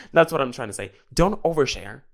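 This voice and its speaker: A man's voice: medium pitch, very animated, moderate pace. A young man, hosting a podcast in sassy, dramatic casual chat. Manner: sassy, dramatic, switching between English and Bulgarian. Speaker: podcast host.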